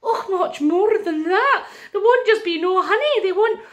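A woman voicing a fretful old wise woman from a storybook with a Scottish accent, rushing out high, breathless protests. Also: lively intonation. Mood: anxious.

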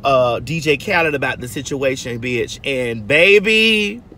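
A woman's voice: extremely low pitch, expressive, unhurried, sharp tone. A woman in her forties, telling stories to her viewers in a sassy, chatty way while driving, calling them girl and honey. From Georgia, US. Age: 40s. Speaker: livestream host. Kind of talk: casual storytelling to viewers. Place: inside a car while driving. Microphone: phone. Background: car and road noise.

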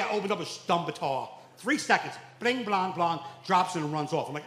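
A stand-up comedian, telling stories loudly on a club stage, acting out quotes and shouting punchlines. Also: male voice, high-pitched, lively intonation, a little fast, hardly any pauses. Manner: loud storytelling with acted quotes, shouting punchlines. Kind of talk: stand-up set. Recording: echoey club room, faint noise.

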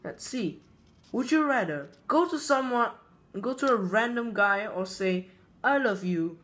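A male channel host rambling through a casual would-you-rather vlog, halting often with fillers and restarts. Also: very high voice, lively intonation, sharp tone.

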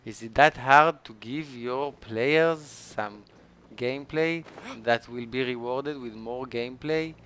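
A man with a non-native English accent talks through his live game session in a bright, forceful voice. He rants, swears freely and gets excitable over every small win and loss. His pitch sits in the middle range. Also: takes it slowly, smooth. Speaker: streamer. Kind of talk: live gameplay commentary.

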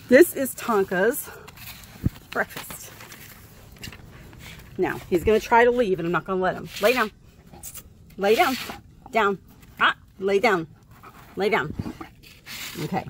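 Lively woman firmly commanding her dog. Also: mid-range voice, unhurried, pauses often, slight background noise. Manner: firm, repeated commands to the dog. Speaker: dog owner and channel host. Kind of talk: casual vlog talk to her dog.

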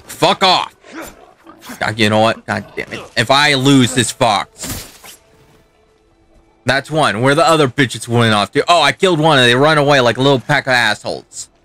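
A man's voice: mid-range voice, bright, forceful tone. A young man swearing and ranting as he comments on his own gameplay. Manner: profane, ranting, talks back to the game. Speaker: gaming channel host. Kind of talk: let's play commentary.

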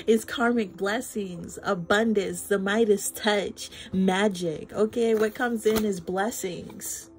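A woman's voice: mid-range voice, fairly even intonation, unhurried, few pauses, a little mellow. Effusive woman tarot reader over music. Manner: effusive, swears freely, addresses viewers as y'all. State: flustered and emotional. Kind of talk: casual tarot reading vlog.

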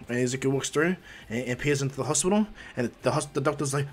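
Casual male storyteller, rambling, loose, mid-pitched. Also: fast talker, slightly rough. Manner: rambling, with fillers and restarts. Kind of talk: casual fan-fiction storytelling.

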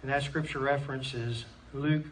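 In a church hall, a man with a Pennsylvania American accent preaches a sermon, earnestly reading scripture aloud and marking his points with amens. His medium-pitched voice is steady and a bit bright at a moderate pace, picked up by a distant mic with faint room noise.

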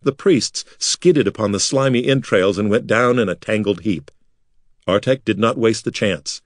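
Low-voiced man narrating a storybook. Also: normal speed, no echo, clean studio sound. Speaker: audiobook narrator. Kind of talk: scripted narration.

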